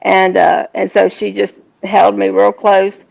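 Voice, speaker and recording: Gravelly woman telling a personal story. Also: medium pitch, monotone, a little mellow. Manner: earnest, halting, with many restarts. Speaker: guest. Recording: dull lo-fi sound.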